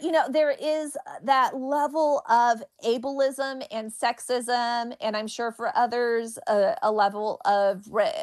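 A woman comedian answering interview questions, stuttering on the first sounds of words. Her voice sits on the higher side. She laughs easily as she tells stories. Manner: laughs while telling stories.

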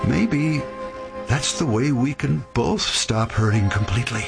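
Kind middle-aged widower, gentle and expressive, radio drama with music. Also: male voice, medium pitch, a little slow, vocal fry. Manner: gentle, warm-hearted, reads stories in varied voices.

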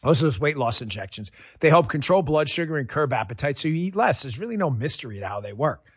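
A man doing a live sponsor read on the radio, energetic and casual. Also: fast talker, husky, dry recording, clean studio sound. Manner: pitchy, energetic, casual salesman tone.

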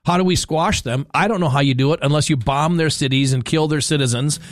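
A man's voice: a little high, brisk, dry recording. A man hosting a talk radio show, giving an opinionated monologue in an exasperated, incredulous way and stumbling over restarts.

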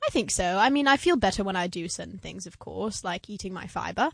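A woman co-hosting an improvised comedy call-in show, telling absurd stories in a deadpan, matter-of-fact way. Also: mid-range voice, a little fast, gravelly, no echo. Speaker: co-host.

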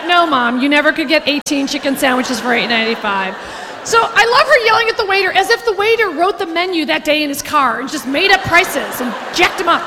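High-voiced, brash woman comic. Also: a little fast. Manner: brash, profane, animated storytelling. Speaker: stand-up comedian. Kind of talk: stand-up comedy. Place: stage in a large hall. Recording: reverberant hall, audience noise.

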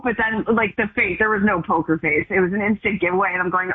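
A woman chats casually on a golf radio talk show, telling her story with easy good humor. Her voice is a little husky. It comes through a tinny, narrow phone line. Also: mid-range voice, fairly even intonation, fairly quick, few pauses. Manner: chatty storyteller. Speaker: golf guest commentator.

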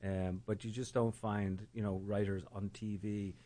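Low-voiced Irish man, halting and reflective. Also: flat delivery, dark tone. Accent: Dublin Irish. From Ireland. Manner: halting, many fillers and repeated words. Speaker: guest, storytelling organizer. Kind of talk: reflective conversational interview.

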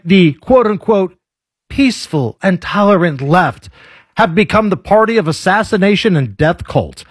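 A man with a fairly high, husky voice giving blunt political commentary. His delivery is conversational, and the recording is dry and close. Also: dry recording. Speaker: political talk show host. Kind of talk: opinionated commentary.

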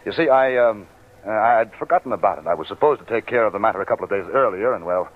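An actor as a nervous scheming office manager. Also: male voice, lowish voice, animated, fast, close to an everyday voice. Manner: smooth-talking but stammers when cornered. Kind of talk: 1940s radio acting. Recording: phone-like old radio recording.

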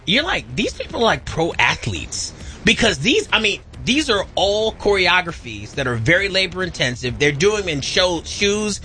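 Male co-host, animated riffer with big vocal swings, bright tone, faint ambience. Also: high-pitched, moderate pace, a little hiss or hum. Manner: animated riffing, exaggerated quoted outbursts. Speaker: radio co-host. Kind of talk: casual radio chat.

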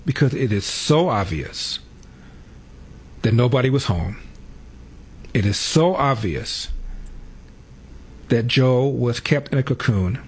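A man's voice: mid-range voice, animated, slow pace, pauses often, breathy edge. A man hosting a talk radio show, blunt and sarcastic in his commentary. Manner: blunt, sarcastic, mocking imitations.

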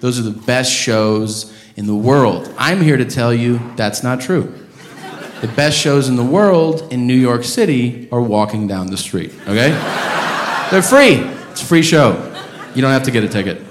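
Loud, profane stand-up comedian. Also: male voice, medium pitch, moderate pace, background noise. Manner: loud, profane, animated ranting. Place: comedy club stage. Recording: roomy club with audience laughter.

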